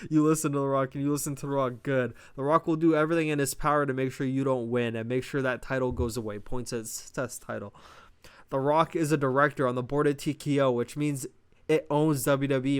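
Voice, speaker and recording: A man's voice: medium pitch, clear, resonant tone. A young man casually reviewing a wrestling show, swearing often and rambling through a recap. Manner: profane, rambling, laughs at own retelling.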